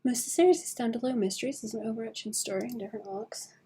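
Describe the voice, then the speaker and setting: A young woman streamer chatting casually and rambling while she draws, sleepy and quick to laugh. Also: a little high, dark tone, breathy edge. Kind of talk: casual chat while drawing.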